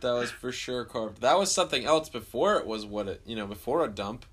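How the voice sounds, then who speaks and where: A man's voice: medium pitch, expressive, brisk, a bit bright, slight background noise. A man co-hosting a podcast in casual banter, crude and laughing often. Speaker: podcast co-host.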